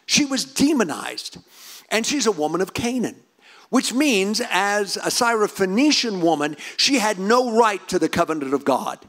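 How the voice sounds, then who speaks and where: Fervent high-voiced male preacher. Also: sing-song, moderate pace. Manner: rising to fervent, near-shouted emphasis. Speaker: pastor. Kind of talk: sermon.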